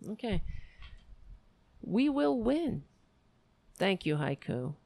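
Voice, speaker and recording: A livestream host closes out with casual talk, rambling and venting affectionately to her viewers. Her medium-pitched voice is very animated, creaky, and mellow, with drawn-out words and long pauses.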